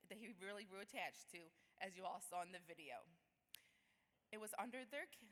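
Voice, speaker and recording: A woman's voice: medium pitch, bright, forceful tone. A woman, a parent, giving a heartfelt prepared speech at a luncheon, with small slips and restarts. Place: large banquet hall. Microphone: podium microphone. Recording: long hall reverb.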